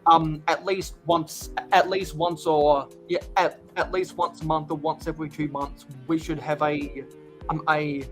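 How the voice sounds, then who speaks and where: A man's voice: a little high, level tone, faint music behind. A man hosting a livestream while building sets, chatting casually with many restarts and hesitations. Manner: halting, lots of restarts. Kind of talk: casual chat.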